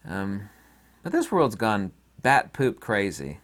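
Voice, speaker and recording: A man's voice: on the low side, very animated, unhurried, a bit bright. A man hosting his own channel, talking in a rambling, opinionated and folksy casual monologue. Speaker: channel host.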